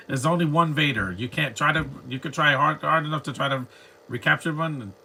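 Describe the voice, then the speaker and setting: A man's voice: mid-range voice, sharp tone, slight background noise. A man watching fan films on a live stream, talking back to the screen with sarcastic, joking commentary and grumbling rants. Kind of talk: casual reaction commentary.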